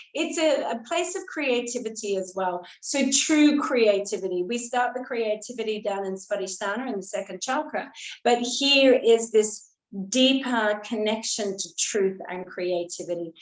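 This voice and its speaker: Chatty woman yoga teacher, echoey room. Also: mid-range voice. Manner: loose and chatty, with filler words and frank asides. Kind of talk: casual spoken yoga class talk.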